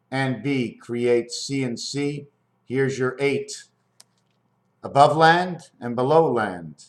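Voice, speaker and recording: A man musing in a rambling, free-associating monologue at home, asking his viewers questions as he explains his designs. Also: mid-range voice. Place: at home near his fridge, indoors.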